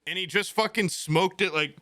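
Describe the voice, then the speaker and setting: A young male streamer in his twenties rambles through a story with crude jokes and blunt swearing. His voice is bright and forward. It is recorded dry and close, with no room sound around it. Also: high voice, moderate pace, dry recording. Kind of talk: casual storytelling to chat.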